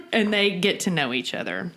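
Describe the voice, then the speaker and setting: A woman co-hosting a casual TV recap podcast, animated and quick to laugh, with crude jokes. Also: on the low side, a little hiss or hum. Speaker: podcast co-host.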